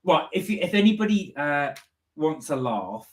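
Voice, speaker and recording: Man, casual live-stream co-host, teasing comment reader, slightly high pitch, roomy echo. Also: sing-song, moderate pace. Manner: reads out chat messages, chatty and teasing. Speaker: livestream co-host reading viewer comments.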